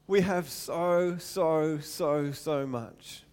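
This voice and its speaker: A man in his thirties preaching a sermon to his church, animated and repeating words for emphasis. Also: fairly high pitch, very slow, clear, resonant tone. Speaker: pastor. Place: church hall.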